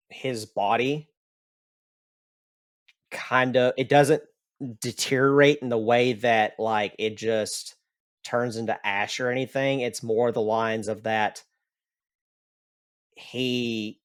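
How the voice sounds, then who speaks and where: A man with a medium-pitched voice narrates a tabletop game as the game master. He talks slowly and rambles, often restarting his sentences.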